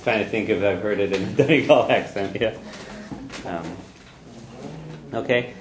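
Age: adult. Sex: man. Role: language teacher. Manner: patient, step by step. Pitch: low. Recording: echoey room. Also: a little slow, noisy background. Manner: patient, breaks phrases down word by word. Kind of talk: teaching a group class.

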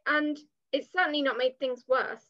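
A young English woman in her twenties, a guest on an interview, speaking softly and hesitantly with many fillers. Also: sits high, steady tone, normal speed. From England. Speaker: guest content creator. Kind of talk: casual interview chat. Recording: dull lo-fi sound.

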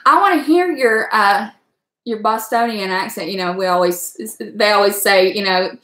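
A woman's voice: mid-range voice, fairly bright tone. Chatty Southern woman in an echoey room. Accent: Southern US (Southwestern Virginia). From Southwestern Virginia. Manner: chatty, rambling, quick to laugh. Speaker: livestream host chatting with viewers. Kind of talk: casual chat.

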